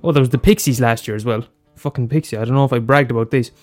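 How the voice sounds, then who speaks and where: A man's voice: medium pitch, steady tone, fast talker, darkish tone, faint music behind. Rambling, swearing man podcasting. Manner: loose and profane, many fillers and restarts. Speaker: podcast host. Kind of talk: rambling solo podcast chat.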